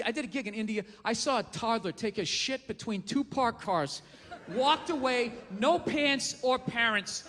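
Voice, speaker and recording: High, bright-voiced ranting male comedian. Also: in a large hall, a little hiss or hum. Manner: ranting, mocking, loud and profane with acted quotes. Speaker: stand-up comedian. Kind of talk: stand-up comedy set. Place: comedy stage before an audience.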